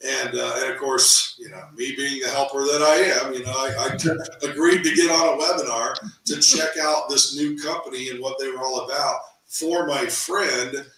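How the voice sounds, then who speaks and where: Middle-aged man, bright voice, animated storyteller, echoey room, a bit off mic. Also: mid-range voice, normal speed, recorded from a distance, a little hiss or hum. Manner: animated, repeats words, acts out quoted voices. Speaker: real estate team owner, interview guest. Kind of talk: casual storytelling interview.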